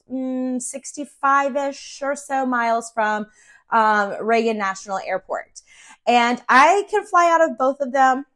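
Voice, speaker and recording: A middle-aged woman from Central Virginia, a real estate agent, telling a personal story in a chatty, animated way with plenty of fillers. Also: a little high. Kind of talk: casual storytelling vlog.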